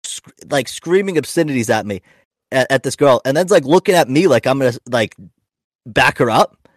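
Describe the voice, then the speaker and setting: A man's voice: medium pitch, animated, normal speed, no room sound, clean studio sound. A young man, a podcast host and stand-up comic, telling rambling, profane stories with lots of restarts. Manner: rambling, profane, self-interrupting anecdotes. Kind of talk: casual podcast storytelling.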